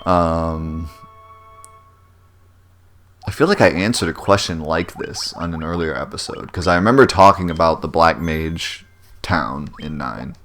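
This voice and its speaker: A man's voice: a bass voice, a little slow, a bit bright, faint music behind. A young man hosting a let's play, chatting casually and rambling in a self-deprecating way as he plays. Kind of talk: casual gameplay commentary.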